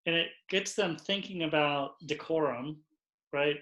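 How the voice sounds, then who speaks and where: A man co-presenting a training talk for lacrosse officials, measured and explanatory. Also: a little high, sharp tone, dull audio. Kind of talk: instructional talk. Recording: roomy echoey recording.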